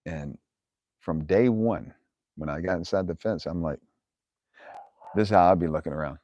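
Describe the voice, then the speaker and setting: A man's voice: low voice, moderate pace, long pauses, mellow, dry recording, dull audio. A man hosting a live viewer Q&A, telling stories bluntly with lots of swearing and laughs. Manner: blunt, profane, laughs often, quotes himself angrily. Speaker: livestream host answering viewer questions. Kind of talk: profane casual live Q&A storytelling.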